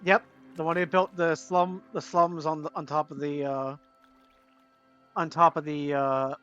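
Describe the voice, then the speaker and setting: A man's voice: fairly high pitch, flat delivery, a little slow, a bit bright, smooth, dull audio, soft background music. A man narrating a tabletop game as game master, rambling with many fillers and restarts.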